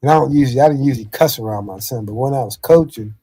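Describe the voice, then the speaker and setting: Middle-aged man, ex-coach, loose storyteller, mid-pitched, light music under. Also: racing, mellow, husky. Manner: rambling anecdotes with frequent "you know". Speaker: podcast host, former football coach. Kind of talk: casual storytelling chat.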